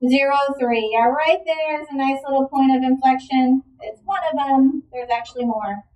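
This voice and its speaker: A woman's voice: high-pitched, fairly even intonation, moderate pace, distant mic, muffled recording. A woman teaching a math lesson, asking the class questions and encouraging the students' answers. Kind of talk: classroom lecture.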